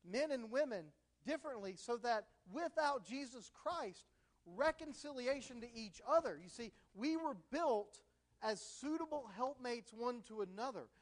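A man's voice: extremely high pitch, lively intonation, measured pace. A middle-aged man giving a sermon as a pastor, speaking conversationally and illustrating points with stories from his own life.

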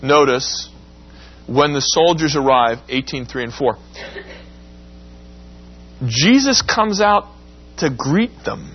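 A man teaching a Bible class, lecturing in a lively way and acting out quoted lines. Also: slow, pauses often, slightly rough, lo-fi sound. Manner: animated, acts out quotes with rising pitch.

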